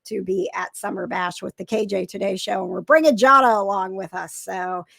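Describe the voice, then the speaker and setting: A woman hosting a casual chat show, bubbly and excitable, talking quickly. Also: medium pitch, vocal fry, no room sound. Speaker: podcast host.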